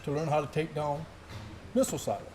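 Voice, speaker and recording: A man's voice: fairly high pitch, fast. A middle-aged man, a military veteran, telling stories with vivid play-by-play in a live interview at an indoor gun shop event. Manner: animated, vivid play-by-play storytelling.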